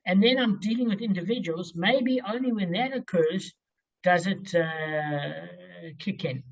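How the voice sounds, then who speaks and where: A man's voice: high-pitched, lively intonation, measured pace, muffled recording. A man teaching a Talmud passage, working through the reasoning step by step and often checking in with "okay?". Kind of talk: explaining a Talmud text aloud.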